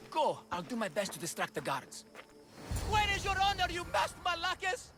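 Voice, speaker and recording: A man's voice: sits high, expressive, a little slow. An actor playing a bumbling, boastful father in a bull costume, theatrical and comic. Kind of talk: game cutscene acting. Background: game score music.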